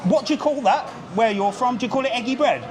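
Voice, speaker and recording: Over music and faint street noise, a British man with an extremely high-pitched voice talks fast as he livestreams a travel vlog. Walking a busy resort strip outdoors, he rants bluntly, swears casually and greets people along the way.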